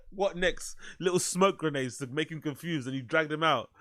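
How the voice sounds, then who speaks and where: A man's voice: on the high side, a little fast, pushed and bright, no echo. Incredulous mocking man, dry close sound. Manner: incredulous, mocking, swears a lot. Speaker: stream host reacting to a podcast clip. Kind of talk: reaction commentary.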